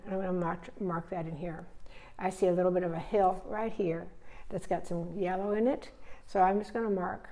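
A woman teaching painting, relaxed and thinking aloud step by step as she paints. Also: lowish voice. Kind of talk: narrating a live painting demonstration.

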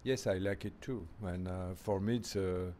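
A French director with a French accent, speaking halting English in an interview and falling back on French. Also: male voice, deep voice, steady tone, warm tone, slight background noise. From France. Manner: halting, searches for English words, switches to French. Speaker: film director, interview guest. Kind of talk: casual interview.

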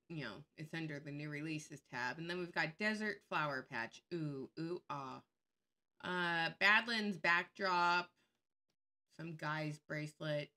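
A woman's voice: fairly low pitch, sharp tone. A woman giving casual commentary on her channel, blunt and sarcastic, openly angry and swearing freely. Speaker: YouTube commentator. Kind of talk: casual screen-share commentary.

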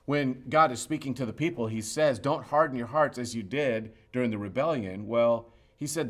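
A male pastor preaching a sermon, moving from loud emphasis to hushed, quiet passages. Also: medium pitch, normal speed, few pauses. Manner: expressive preaching, swinging between loud emphasis and hushed asides.

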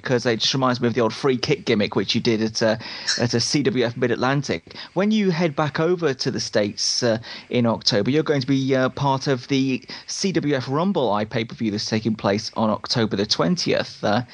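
A man hosting a casual podcast interview, hesitant with many filler pauses. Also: medium pitch.

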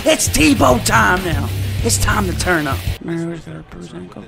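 Excitable young man calling his own game. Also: sits high, normal speed, gravelly, music in the background. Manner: excitable, shouts and laughs at big plays, slangy. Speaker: gaming YouTuber. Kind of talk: excited live gameplay commentary.

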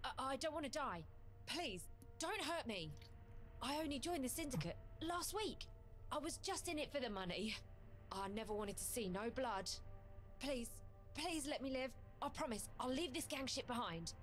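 A woman's voice: sits high, expressive, normal speed, faint music behind. A woman voicing a frightened young female gang recruit who pleads for her life in a video game. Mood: terrified, pleading.

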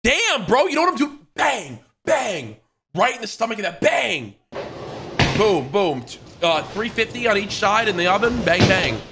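A young man hosting a video reaction, excitable, with quick shouts and laughter. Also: sits high, heavy background noise. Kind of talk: reaction commentary.

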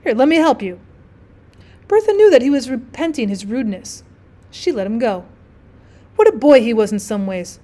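A woman narrates a classic short story in a measured, expressive reading voice, pitched a little high. She is a teacher reading to her class. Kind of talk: literary audiobook narration.

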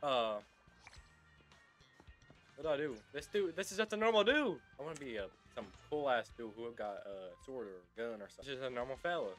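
A man's voice: medium pitch, expressive, a little fast, a bit bright, soft background music. A young man casually commenting on a video game as he plays, goofy and rambling, calling people brother. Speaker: gaming YouTuber.

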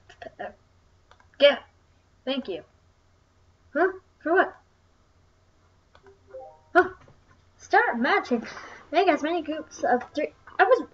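A young woman casually commenting on browser games as she plays, chatty and wandering, with many ums. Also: high voice. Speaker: gaming channel host. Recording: distant, dull lo-fi mic with faint music. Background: faint game music.

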